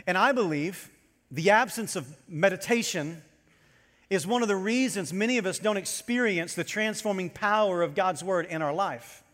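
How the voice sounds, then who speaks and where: A man preaching a sermon to his congregation as pastor, animated and storytelling as he goes. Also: high voice, moderate pace, long reverb tail.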